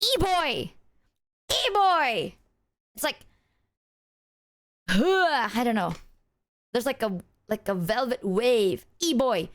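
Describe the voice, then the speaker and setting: A woman's voice: on the high side, normal speed, dry recording. A woman streamer chatting casually with her viewers in a loose, rambling way, full of filler words and swearing.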